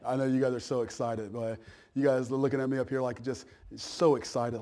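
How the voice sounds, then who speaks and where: A man's voice: medium pitch, level tone, brisk, darkish tone. A man preaching a sermon as pastor in a church, talking in a folksy, conversational way, repeating words and checking in with his listeners. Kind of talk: sermon and Bible class announcements.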